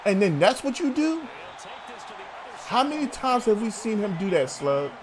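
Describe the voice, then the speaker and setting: Animated high-voiced man ranting sports. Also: moderate pace, a crowd in the background. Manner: animated, swearing, calls co-host bruh. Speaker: sports talk host. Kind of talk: heated sports debate.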